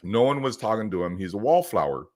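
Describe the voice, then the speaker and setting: A man's voice: fairly low pitch, sing-song, quick pace, a little mellow. A man co-hosting a casual chat, telling a story energetically and acting out the quotes. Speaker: podcast co-host.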